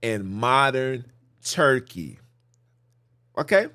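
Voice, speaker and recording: Man, podcast host, casual preaching, lively pitch, emphatic repeats, rhetorical questions. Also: extremely slow. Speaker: podcast host teaching scripture.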